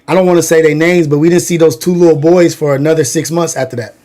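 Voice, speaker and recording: Casting note: man in his thirties from Long Beach, slightly high voice, rambling slangy storyteller on a livestream. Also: steady tone, fast, dark tone. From Long Beach, California. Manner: loose slangy storytelling, many fillers. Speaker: livestream host.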